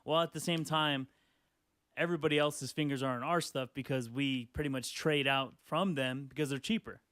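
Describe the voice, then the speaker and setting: A young man in casual podcast chat, halting and repeating words as he thinks. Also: mid-range voice, fairly even intonation, a bit bright, no echo.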